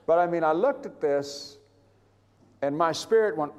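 An older male preacher tells a personal testimony to his congregation, animated and chuckling, slipping into other people's voices as he goes. His voice sits somewhat high for a man. The sound rings with a long reverb from a large hall. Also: normal speed, clear, resonant tone. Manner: storytelling, animated, acts out voices, chuckles often. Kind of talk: sermon testimony.

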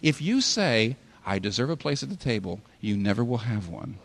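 A pastor preaching a sermon in a hall, with animated delivery that rises and falls sharply for emphasis. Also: male voice, medium pitch, normal speed, creaky.

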